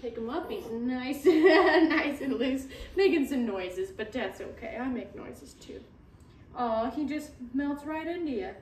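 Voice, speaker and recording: A woman's voice: high-pitched, animated, a little slow, a little hiss or hum. A woman who breeds dogs, talking through a puppy's temperament test and cooing at it in baby talk. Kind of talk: casual commentary while handling a puppy. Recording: echoey room, from a distance.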